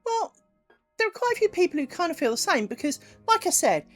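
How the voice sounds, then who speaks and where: A middle-aged woman, chatting casually with viewers during a crafts stream, animated and profane, acting out little conversations. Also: very high voice, a little fast, faint music behind. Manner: chatty and animated, swears freely, acts out little dialogues. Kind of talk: casual chat with live viewers while crafting.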